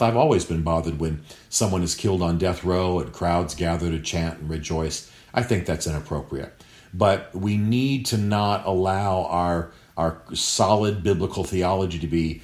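Male commentator, very low voice, measured and earnest, echoey room. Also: a little mellow. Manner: earnest, measured, frequent fillers and restarts. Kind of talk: spoken commentary.

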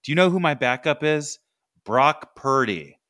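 A man's voice: on the high side, lively intonation, measured pace, a bit bright, no room sound, clean studio sound, voice pushed up. A man reading a letter as a smug, taunting male football quarterback. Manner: taunting, mocking delivery.

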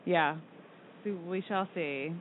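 A woman's voice: on the low side, takes it slowly, a little hiss or hum. A woman co-hosting a casual talk show, laughing along with the others. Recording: tinny phone line.

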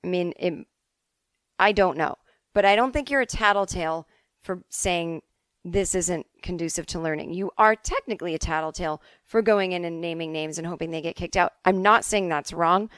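A middle-aged woman from the Boston suburbs hosting a podcast, telling stories in a casual, animated way and swearing freely. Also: fairly low pitch, normal speed, clear, resonant tone, dry recording, studio quality. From Boston suburbs, USA. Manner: chatty, animated, swears freely, acts out quotes. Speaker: podcast host answering listener emails. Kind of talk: casual comedic storytelling.

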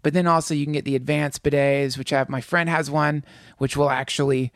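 A man co-hosting a podcast, telling stories in an animated, jokey, emphatic way. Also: a little high, a little fast, dry recording, studio quality. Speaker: podcast co-host. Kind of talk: casual chat.

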